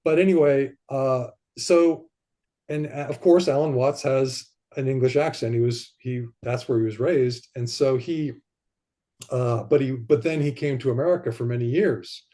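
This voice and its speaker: A man talking as a podcast guest in casual conversation, rambling and animated, and sometimes acting out the voices he quotes. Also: medium pitch, moderate pace.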